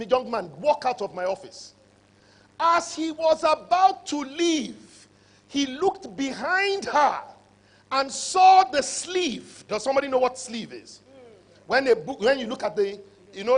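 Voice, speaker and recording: A middle-aged man gives a motivational conference speech, telling a story and acting out the dialogue. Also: extremely high pitch. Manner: animated, acts out dialogue in stories. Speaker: conference speaker.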